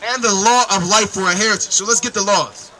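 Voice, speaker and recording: Man, street preacher, very high voice, emphatic, calls everyone brother. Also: brisk, bright, forceful tone, poor audio.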